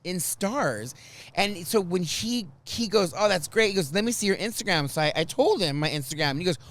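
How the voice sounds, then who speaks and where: High, lively man telling stories. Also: fairly quick. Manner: animated storyteller, acts out quotes loudly. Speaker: podcast host. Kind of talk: casual chat.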